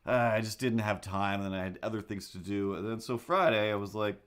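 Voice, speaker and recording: A man's voice: lowish voice, fairly quick, a bit bright, clear, resonant tone. A young man hosting a livestream, chatting casually in a rambling, jokey, self-deprecating way while he sets up. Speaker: livestream host. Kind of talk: casual chat while setting up a drawing stream.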